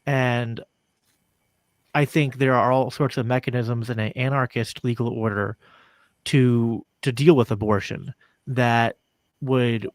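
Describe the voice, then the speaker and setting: A man hosting a casual podcast conversation, his voice sitting at an ordinary middle pitch. He talks in loose, looping sentences full of "like" and small laughs. The recording is close and dry, with almost no room sound. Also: fairly even intonation, no echo. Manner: loose, filler-heavy talk with frequent "like" and quick laughs. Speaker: podcast host.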